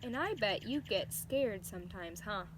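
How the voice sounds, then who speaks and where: A kindly big tomcat father with hearty, booming exclamations, put on by a woman reading a storybook. He speaks slowly and warmly to his kittens. A clear noisy hiss sits under the recording. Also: expressive, natural voice.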